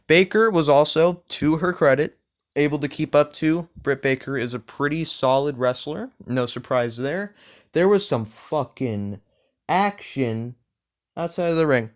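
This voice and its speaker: A man's voice: mid-range voice, measured pace. A man giving a casual, profane wrestling show review in a vlog, often slipping into rants.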